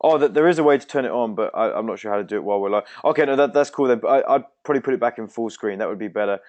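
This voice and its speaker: A man's voice: on the low side, very fast, darkish tone. A man co-hosting a webinar, polite and helpful but hesitant when he steps in. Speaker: webinar co-host. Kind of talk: casual webinar chat.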